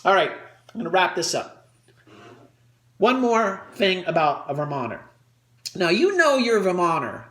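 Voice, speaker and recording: A man doing a stand-up comedy routine for an audience, talking crudely and switching into quick character voices. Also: sits high, big pitch swings, fairly bright tone, roomy sound. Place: performance room with audience.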